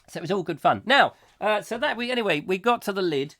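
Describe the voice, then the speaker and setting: A man's voice: sits high, fairly bright tone. A man with a cold hosting a live stream, rambling casually and reading out viewer comments. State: has a cold. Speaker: livestream host.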